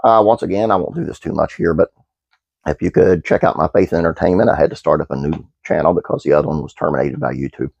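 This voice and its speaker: A man's voice: very deep voice, quick pace, gravelly, a little mellow, husky, no room sound, lo-fi sound. A man hosting his own channel, reading a trivia script aloud with fillers and restarts, then chatting casually to viewers. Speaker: channel host.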